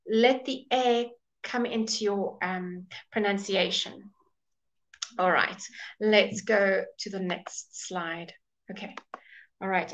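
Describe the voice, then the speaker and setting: Woman doing a live english pronunciation class on her computer mic, chatty, says words slow and repeats them. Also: fairly high pitch, fairly bright tone. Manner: chatty, greets viewers by name. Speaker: English teacher.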